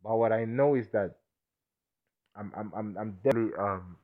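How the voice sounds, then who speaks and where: A man's voice: on the low side, moderate pace. A man rambling through a self-recorded monologue while intoxicated, stammering, restarting and asking whether you understand him. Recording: tinny phone-like sound.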